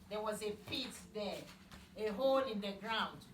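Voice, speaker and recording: Slow-talking woman telling Bible stories. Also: mid-range voice, lively intonation, background noise. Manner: slow, simple wording, asks children questions. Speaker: Bible teacher. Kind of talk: Bible storytelling for children. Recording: echoey room, mic far off.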